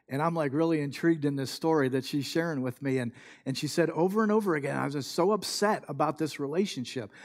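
Man preaching a storytelling sermon. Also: medium pitch. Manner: storytelling, quotes people in lively bursts, drops soft for moving moments. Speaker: pastor.

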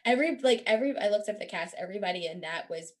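A woman's voice: medium pitch, animated, rapid-fire, crowd noise. Gushing, laughing woman podcast host. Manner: enthusiastic, laughing, gushing with fillers. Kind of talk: casual chat about films.

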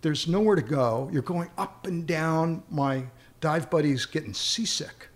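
A man's voice: on the high side, measured pace. A man casually telling a long anecdote in a rambling way, often repeating words as he starts a thought. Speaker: guest storyteller.

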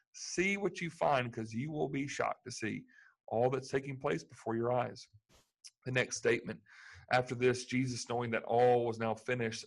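A man's voice: mid-range voice, fairly bright tone, poor audio. A man preaching a sermon, earnest and building to emphatic peaks. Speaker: pastor.

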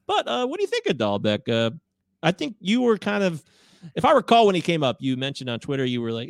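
A man from the American Midwest, co-hosting a casual sports chat, chatty and animated and quick to laugh. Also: on the high side, creaky, no room sound, studio quality. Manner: chatty and animated, laughs often, leads the questions. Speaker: podcast co-host.

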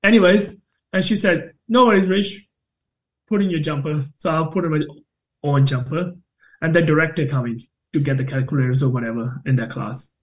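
A man in his thirties from India, a podcast guest telling a lively, sweary story about his trainer course. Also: on the high side, fairly quick. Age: 30s. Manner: animated, swears freely, acts out both sides of quoted arguments. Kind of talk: casual interview storytelling.

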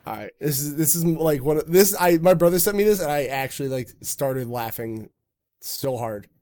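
A man from New York co-hosts a relaxed gaming chat. He talks bluntly and offhandedly and swears often. His delivery is loose and conversational. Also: fairly high pitch, normal speed. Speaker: podcast co-host.

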